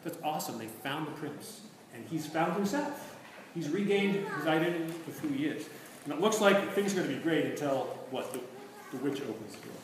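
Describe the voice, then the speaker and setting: A man teaching literature, his voice a bit high, animated, and asking his listeners questions. He sounds distant in a very echoey room, with noise behind. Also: brisk. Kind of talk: literature lecture with read-aloud. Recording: echoey room from far off, noisy.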